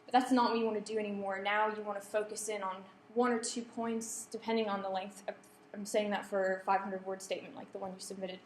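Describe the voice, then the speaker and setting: Young woman, workshop lecturer, mid-pitched, explanatory with ums and restarts, roomy lecture hall, faint hiss. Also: little pitch movement, fast, few pauses. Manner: explanatory, with frequent ums and self-corrections. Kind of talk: academic writing workshop talk. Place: lecture room. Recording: echoey lecture room.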